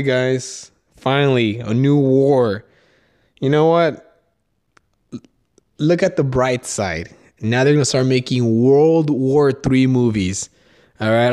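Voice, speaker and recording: A young adult man hosting a solo comedy podcast, rambling and swearing, leaping into mocking high notes as he riffs. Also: a little mellow. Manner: profane, rambling, jumps between topics; mocking sing-song jumps up in pitch. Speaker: podcast host.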